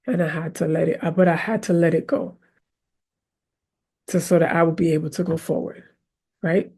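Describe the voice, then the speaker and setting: A woman's voice: sits low, moderate pace, husky. A woman hosting a faith podcast, talking casually and animatedly, often checking in with "right?" and laughing easily. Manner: conversational, keeps asking "right?"; animated, acts out her own prayers aloud. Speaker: podcast host. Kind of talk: faith-based motivational talk.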